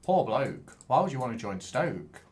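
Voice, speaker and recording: Excitable lad streaming a game. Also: male voice, mid-range voice, moderate pace. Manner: excitable, swears, chats with viewers. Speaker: live streamer. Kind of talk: casual live-stream commentary while gaming.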